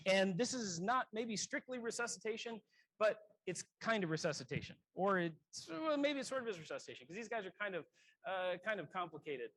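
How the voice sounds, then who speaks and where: A man giving a casual emergency medicine lecture, conversational and self-correcting, often clearing his throat. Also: high-pitched, lively intonation, fairly quick, fairly bright tone, no room sound, poor audio.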